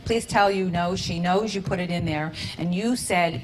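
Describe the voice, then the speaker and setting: A woman working as a medium, relaying messages to audience members in a soft, tender, soothing manner with endearments. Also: fairly low pitch, normal speed, slight background noise, low-quality recording. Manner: soft, soothing, tender, calling people honey and sweetheart. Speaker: medium at a public reading. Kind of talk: live spirit reading to an audience.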